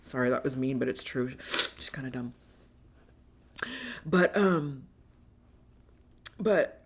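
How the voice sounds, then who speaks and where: A woman's voice: a bass voice, animated, measured pace, pauses often, slightly rough. A woman hosting a personal monologue podcast, talking candidly in a rambling way and swearing freely. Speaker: podcast host.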